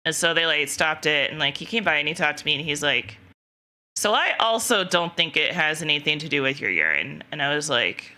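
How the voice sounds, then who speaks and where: A woman's voice: low-pitched, animated, fairly quick, pushed and bright. A young woman streamer casually telling a rambling story to her chat, laughing often and quoting herself. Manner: giggly, rambling, lots of self-quoting.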